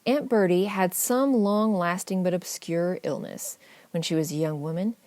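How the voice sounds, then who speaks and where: A woman narrating a family memoir audiobook in a measured, gently wry storytelling manner. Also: fairly low pitch, no echo.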